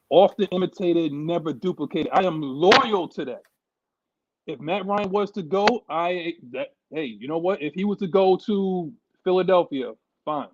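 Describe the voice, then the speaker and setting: A fired-up man from New York sounds off on his team, his voice sitting high for a man. He speaks with heavy emphasis and keeps repeating himself. The recording is dry and a little muffled. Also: moderate pace, no room sound. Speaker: sports show co-host. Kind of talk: heated casual sports talk.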